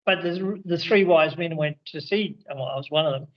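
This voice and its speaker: A man chats over a video call in the evening, his fairly high voice coming through dull and muffled. He rambles, restarting sentences and trailing into fillers as he shares his experiences. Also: normal speed. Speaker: spiritual teacher and regression therapist. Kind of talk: casual video call conversation. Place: indoors in India, evening.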